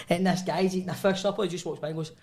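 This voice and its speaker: A man's voice: high voice, steady tone, quick pace, background noise. A man with a Scottish accent, a podcast co-host who tells anecdotes in casual chat, laughing and acting out the other people's lines. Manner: chatty, laughing, acts out voices in anecdotes. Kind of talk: casual pub-style chat.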